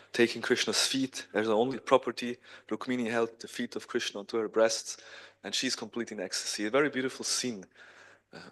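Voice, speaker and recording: A man teaching a scripture class, retelling a sacred story in an animated way with a few throat clears. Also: fairly low pitch. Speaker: spiritual teacher.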